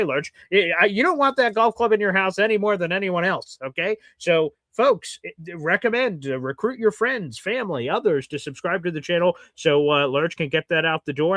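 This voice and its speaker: A man hosting a live podcast, pushing listeners to subscribe in upbeat patter. His voice is fairly high, bright and forceful, with a dry, close sound. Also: no echo. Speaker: host.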